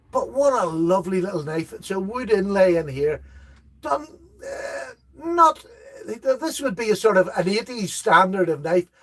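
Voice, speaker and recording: Chatty high-voiced man. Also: a bit bright. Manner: chatty, laughs at jokes, reads viewer comments aloud. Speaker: host of a live knife chat. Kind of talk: casual live-stream chat.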